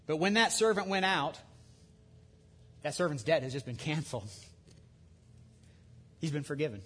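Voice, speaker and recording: A man preaching a sermon in a conversational way, with lively asides and restarts. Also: a little high, moderate pace, husky. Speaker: pastor.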